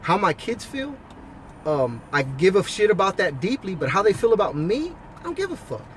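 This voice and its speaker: A man with a notably high-pitched voice talks straight to the listener in a blunt, profane, preachy monologue. He speaks outdoors, with faint traffic noise humming behind him. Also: very animated, normal speed. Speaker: husband and father giving life advice. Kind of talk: casual monologue to camera.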